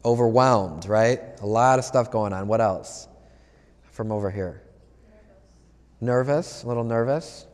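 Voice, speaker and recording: A man's voice: mid-range voice, measured pace, pauses often, darkish tone. A male priest giving a conversational homily, putting questions to the congregation. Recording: long hall reverb.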